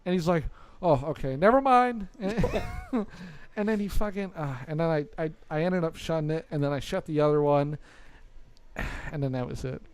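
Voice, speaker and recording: A young man co-hosting a podcast, telling a story in a casual, animated, exasperated way and swearing often. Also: on the high side, moderate pace, pauses often, background noise. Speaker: podcast co-host.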